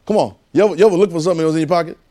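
A man's voice: fairly high pitch, racing, mellow. A man with a Southern US accent preaching a sermon in a casual, coaxing call-and-response style.

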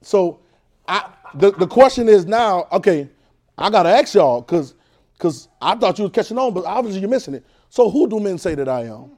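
A man's voice: high-pitched, animated, moderate pace, a little mellow. A man preacher teaching a Bible class, repeating phrases and pulling call-and-response answers from the room.

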